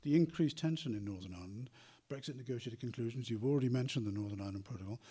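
Husky, mellow male interviewer. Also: medium pitch, rapid-fire. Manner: long, carefully worded questions with self-corrections. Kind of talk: radio-style interview questions.

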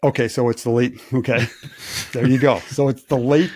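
A man's voice: medium pitch, flat delivery, moderate pace, darkish tone, dry recording. Easygoing man from Wisconsin, dry close sound. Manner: easygoing, rambling anecdotes. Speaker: race engineer, podcast co-host. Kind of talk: casual storytelling chat.

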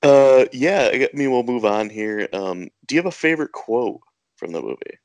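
A young man co-hosting a podcast, relaxed and quick to laugh, steering the chat with questions. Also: mid-range voice, no echo. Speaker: podcast co-host. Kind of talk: casual movie review chat.

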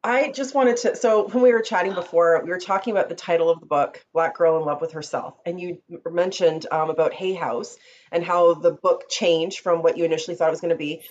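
A woman's voice: lowish voice, fairly even intonation, a little fast, a little mellow. Reflective woman host, dull lo-fi sound. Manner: reflective, affirming, thinks aloud with restarts. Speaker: podcast host. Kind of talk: conversational interview. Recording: dull lo-fi sound with faint background noise.

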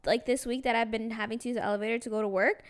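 A woman in her twenties co-hosting a podcast, chatting in a relaxed, easygoing way. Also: on the high side, rapid-fire. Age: 20s. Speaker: podcast co-host. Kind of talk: casual chat.

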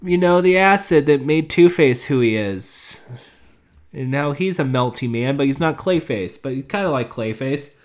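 A man's voice: mid-range voice, lively intonation, normal speed. A man casually recapping a TV episode, rambling with sarcastic asides. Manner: rambling, with many fillers and restarts. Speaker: show reviewer.

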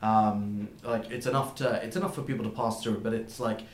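A man narrating a tabletop game as game master, in a halting way, with many fillers and restarts. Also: lowish voice, fairly even intonation, slight background noise. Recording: roomy echo.

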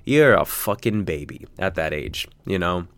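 A young man talking casually in a rambling, chatty vlog, with self-deprecating jokes and sudden jumps up in pitch when he gets excited. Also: moderate pace, dry recording. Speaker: vlogger.

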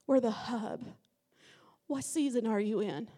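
A middle-aged woman preaching a Pentecostal sermon in a church, impassioned and rising to shouts. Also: fairly high pitch, expressive, measured pace. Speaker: guest preacher. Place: church sanctuary.

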